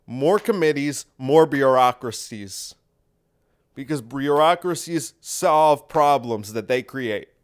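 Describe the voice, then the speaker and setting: A man hosting a podcast, delivering a rambling sarcastic monologue with deadpan asides. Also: mid-range voice. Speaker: podcast host.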